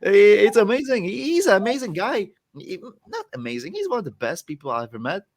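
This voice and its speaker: A young man from the Czech Republic with a Czech accent, chatting casually as a podcast guest and laughing often. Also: fast. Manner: animated, laughs often, swings between excited and low. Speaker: guest wrestler.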